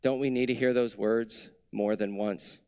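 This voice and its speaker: A man preaching a sermon as a pastor, in a conversational way with many rhetorical questions, dropping soft and low for tender lines. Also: steady tone, unhurried, clean tone, dry recording, clean studio sound.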